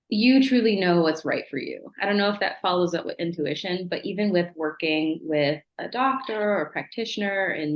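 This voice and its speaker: Woman, podcast guest, casual interview chat, earnest, reflective, laughs often, low voice, echoey room. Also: lo-fi sound. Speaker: podcast guest, former client. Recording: roomy echo.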